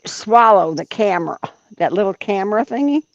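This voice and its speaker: A woman's voice: medium pitch, expressive, normal speed, no echo. A woman hosting a livestream, chatting casually and bluntly with exclamations. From United States. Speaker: livestream host. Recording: dull dry lo-fi stream audio.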